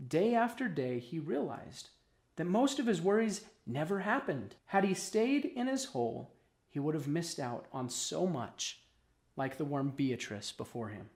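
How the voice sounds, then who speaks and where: A man narrating a children's storybook expressively, with dramatic pauses. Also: a little high, very animated, darkish tone.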